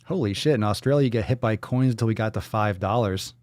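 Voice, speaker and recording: Speaking fast in a fairly low, darkish voice, this livestream host reads viewer donations and messages aloud. He jokes, swears and riffs spontaneously in a loose, casual way. The audio is dry and of studio quality.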